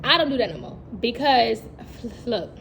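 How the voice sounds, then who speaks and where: A young woman, a teacher talking in a casual vlog, animated and chatty, laughing often and acting out classroom moments. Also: on the high side, moderate pace, gravelly, slight background noise. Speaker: teacher and vlogger.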